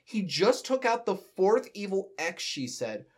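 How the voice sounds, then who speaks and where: A young man with a fairly high voice reads a silly fan story aloud. His delivery is animated and casual, and he often breaks into laughter. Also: measured pace. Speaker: reader. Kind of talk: comedic reading of a fan story.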